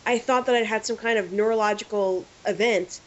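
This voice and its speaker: A woman co-hosting a podcast in casual chat, an animated storyteller who acts out what people said. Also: medium pitch, brisk. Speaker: podcast co-host. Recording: lo-fi with faint hiss.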